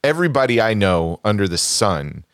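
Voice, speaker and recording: A man's voice: on the low side, big pitch swings, moderate pace, no echo, studio quality. A man co-hosting a podcast in casual chat, laughing and incredulous. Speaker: podcast co-host.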